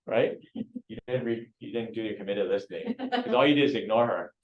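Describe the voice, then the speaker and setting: A man's voice: lowish voice, fairly quick, highs cut off. A man leading a real estate training class, quizzing students and coaxing answers. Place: training room.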